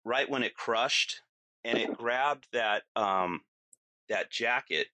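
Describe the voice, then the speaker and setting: Bright-voiced man telling a story. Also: mid-range voice, slow pace, no echo. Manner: vivid, lots of fillers, acts out his own yelling. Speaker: podcast guest. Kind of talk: casual storytelling.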